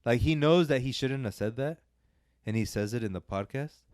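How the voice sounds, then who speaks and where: A man's voice: medium pitch, moderate pace, darkish tone, smooth, no echo, clean studio sound. A man co-hosting a podcast, chatting casually and rambling through a long retelling with frequent restarts. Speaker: podcast co-host. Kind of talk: casual chat.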